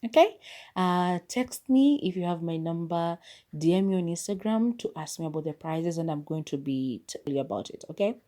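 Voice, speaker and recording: A young Kenyan woman hosting her own podcast, chatting through a story in a casual, animated way with quick asides. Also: fairly low pitch. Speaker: podcast host. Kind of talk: casual solo podcast monologue.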